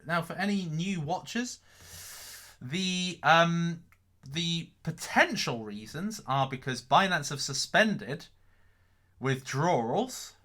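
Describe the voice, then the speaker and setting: A man's voice: mid-range voice, bright, forceful tone. A man hosting a casual live stream, reading out chat questions. He rambles, repeats his own phrases and swears offhand. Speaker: crypto livestream host.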